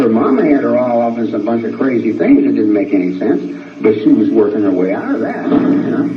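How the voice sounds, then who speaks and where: Interviewee, male, rambling and animated, old phone-thin, echoey archive tape. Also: fairly quick, distant mic, dull audio, a little hiss or hum. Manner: rambling, swings from low drawl to high heated outbursts.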